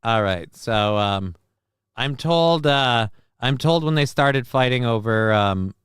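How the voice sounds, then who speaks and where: A man's voice: medium pitch, animated, slow pace, a bit bright, clear, resonant tone, dry recording, clean studio sound. A man hosting a live show, reacting to clips in casual commentary, rambling and crude with plenty of fillers and swearing.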